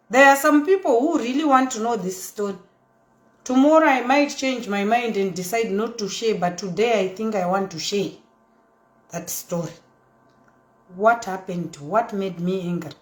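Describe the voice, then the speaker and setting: A Zimbabwean woman in her thirties talks through her own story in a loose, chatty vlog style. She slips between English and Shona and throws in lively asides. Her voice sits at a middle pitch, and the room around her has a clear echo. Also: normal speed. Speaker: socialite vlogger. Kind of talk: casual storytelling monologue.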